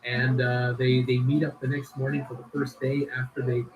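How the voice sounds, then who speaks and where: A man's voice: medium pitch, little pitch movement, moderate pace, narrow, tinny audio. A man hosting a casual livestream who rambles with many fillers and restarts while reading viewer comments aloud. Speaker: livestream host.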